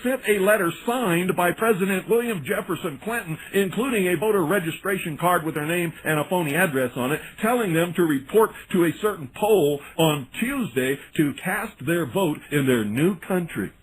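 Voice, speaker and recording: A man's voice: sits high, expressive, normal speed, few pauses, a little hiss or hum, poor audio. A man hosting a radio talk show, delivering an indignant, sarcastic monologue. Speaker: radio host.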